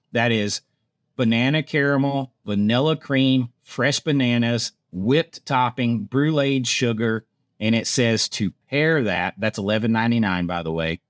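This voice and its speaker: A man's voice: lowish voice, dry recording, studio quality. A man from Georgia, a theme park vlogger chatting casually through food menus and laughing at himself as he stumbles over foreign words. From Georgia, USA. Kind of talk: casual menu rundown.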